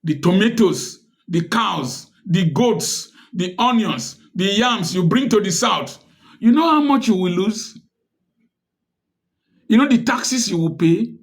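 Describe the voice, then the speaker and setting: A man's voice: sits high, expressive, takes it slowly. A man with a Nigerian English accent giving impassioned commentary, firing off rhetorical questions in a preachy tone. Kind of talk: direct-to-camera social commentary.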